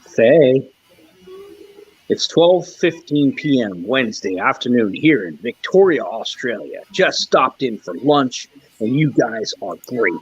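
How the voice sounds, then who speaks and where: Trucker host, male, husky and lively, casual stream chatter, lo-fi dry audio. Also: medium pitch, slow pace, no echo. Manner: chatty, laughs often, breaks into joking voices. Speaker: trucker hosting a live chat stream. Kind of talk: casual live-stream chat, reading and answering comments.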